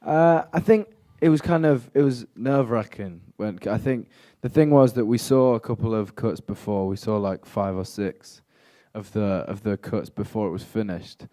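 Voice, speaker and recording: A man's voice: on the low side, moderate pace, few pauses, dry recording, studio quality. A young man answering interview questions in a thoughtful, rambling way with many fillers. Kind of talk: casual press interview. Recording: loud music over voice. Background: loud guitar music.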